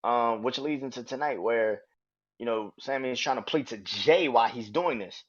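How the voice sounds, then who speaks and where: A man hosting a podcast, reviewing wrestling in excitable, profane casual chat and laughing often. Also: mid-range voice, normal speed, muffled recording. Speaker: podcast host.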